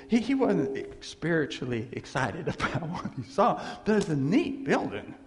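A man's voice: on the high side, gravelly, background noise. A man preaching a sermon as pastor, telling stories with laughs and acted quotes. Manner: animated storytelling with laughs and voiced quotes. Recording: long hall reverb.

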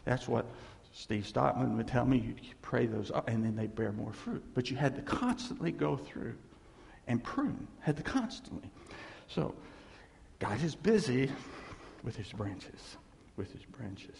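Animated preacher man with gravelly voice. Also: mid-range voice, unhurried. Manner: animated, laughing, acts out voices in quotes. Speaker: pastor. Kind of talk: sermon. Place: church. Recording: echoey hall reverb.

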